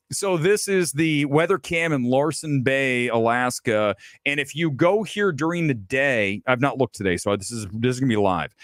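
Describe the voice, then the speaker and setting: A man hosting a late-night live movie stream, opinionated and animated, his pitch leaping around as he rants with mocking asides. He sounds tired. The sound is dry and close. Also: no echo. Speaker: film talk show host.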